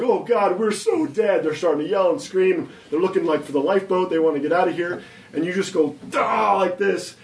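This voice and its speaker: A man's voice: a little high, a little mellow, far from the mic. Man running a tabletop game, roomy and off-mic. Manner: explains rules, then slows down for vivid scene narration. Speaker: game master. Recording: roomy, a little off-mic, faint background hum.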